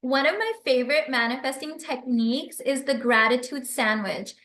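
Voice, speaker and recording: A woman hosts a live stream in a high, bright voice, reading viewer comments aloud and answering them with effusive, animated energy. Her voice rings a little in an echoey room. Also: normal speed, a little hiss or hum. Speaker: livestream host and business coach.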